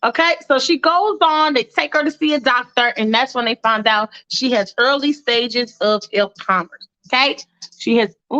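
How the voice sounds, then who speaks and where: A woman's voice: on the high side, moderate pace, sharp tone, muffled recording. A woman telling a freestyle story in a chatty way, with sassy asides.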